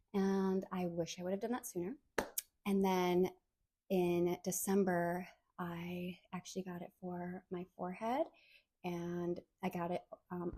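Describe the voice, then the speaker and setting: Thirtysomething woman doing a solo podcast, mellow warm voice, earnest and heartfelt, says stuff twice for emphasis. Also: medium pitch. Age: 30s. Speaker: podcast host.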